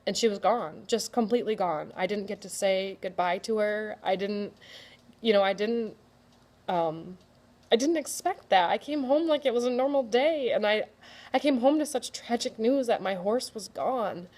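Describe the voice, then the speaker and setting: A woman's voice: mid-range voice, animated, normal speed, darkish tone. A young woman telling a personal story in a chatty, rambling way, with lots of fillers and frequent laughs. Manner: chatty and rambling, full of likes and ums, laughs often.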